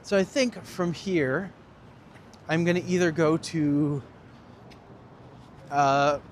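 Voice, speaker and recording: A man with a fairly high voice and slow pace hosts a live walking-tour stream on city streets. Strolling along, he banters with viewers and replies to the chat; a little hiss or hum is audible.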